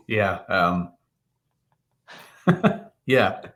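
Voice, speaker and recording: A man telling an animated story as an interview guest, laughing often and acting out what people said. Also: fairly low pitch, very slow. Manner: animated, laughing, acts out quotes. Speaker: guest, marketing entrepreneur.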